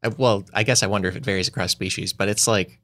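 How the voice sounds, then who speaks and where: A man co-hosting a casual comedic chat, riffing playfully and laughing quickly. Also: lowish voice, fairly even intonation, fairly bright tone. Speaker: podcast co-host.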